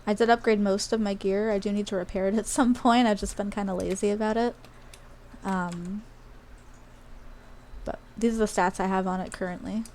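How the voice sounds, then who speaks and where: A woman's voice: medium pitch, steady tone, normal speed, a little mellow, slight background noise. A woman from Australia who streams games live, talking in a casual, rambling way with many fillers and asides. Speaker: game streamer. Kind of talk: casual live-stream chat while gaming.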